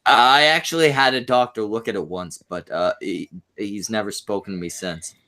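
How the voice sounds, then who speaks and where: Man, lowish voice, deadpan, halting, lots of fillers, crude casual podcast banter, home mic. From Canada. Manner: halting, many fillers and restarts, deadpan jokes. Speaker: podcast co-host.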